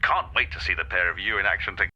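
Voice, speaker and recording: A man's voice: low-pitched, rapid-fire, bright, forceful tone, lo-fi sound. An actor playing a breezy, chummy, scatterbrained male agent.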